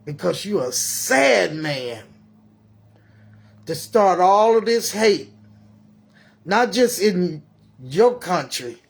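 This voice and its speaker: A man doing a slow, high-voiced preachy granny. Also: very animated, creaky, heavily acted. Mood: indignant. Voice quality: preachy, sermon-like delivery. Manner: ranting, scolding. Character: grandmother, older woman, preachy and upset. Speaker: storyteller.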